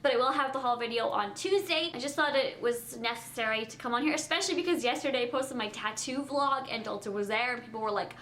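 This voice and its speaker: Chatty young woman vlogger, slightly high. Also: fast, few pauses, a bit bright, a little hiss or hum. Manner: chatty, lots of fillers like "um" and "like". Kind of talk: casual talk to camera. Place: home at night, indoors.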